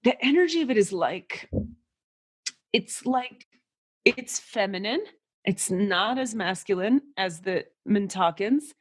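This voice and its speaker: A woman hosting a casual spiritual podcast who channels and describes energies, animated and quick to swear. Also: mid-range voice. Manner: animated, swears freely, acts out voices and sounds. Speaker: psychic channeler and podcast host.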